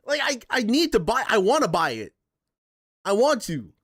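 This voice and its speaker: Male streamer host, slightly higher voice, dry close sound, rambling and emotional, casual rant. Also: very animated, normal speed, a bit bright, no room sound. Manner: rambling, emotional, swears, reads chat aloud. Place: home stream setup in a chair.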